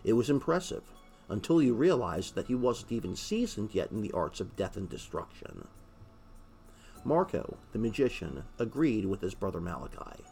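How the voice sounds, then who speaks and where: Male audiobook narrator, low gravelly voice, faint hiss. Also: big pitch swings, normal speed, darkish tone, faint music behind.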